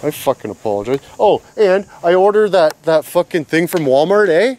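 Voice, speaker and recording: A man's voice: high voice, very animated, moderate pace, darkish tone. A man, swearing freely and venting in casual chat while working on a trailer renovation. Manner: profane, exasperated storytelling. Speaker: vlogger. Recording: faint background noise.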